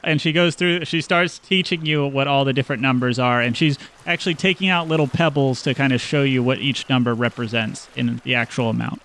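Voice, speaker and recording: Relaxed man narrating as game master. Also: medium pitch, brisk, few pauses, a little hiss or hum.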